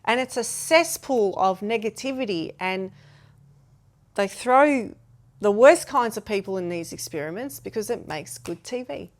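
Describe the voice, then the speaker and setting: A woman's voice: mid-range voice, animated, measured pace. A woman being interviewed as a podcast guest, speaking in an emphatic, opinionated way in casual chat.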